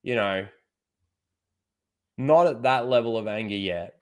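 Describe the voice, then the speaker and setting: A man's voice: on the low side, measured pace. A man hosting a casual livestream, swearing freely and chuckling often. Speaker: livestream host.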